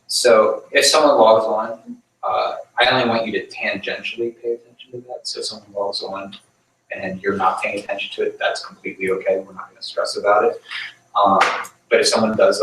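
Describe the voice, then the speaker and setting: A man's voice: lowish voice, fairly even intonation, fairly quick, noisy background. A man leading a small church group in an informal sermon, talking loosely with many ums as he tells a story. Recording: echoey room, mic far off.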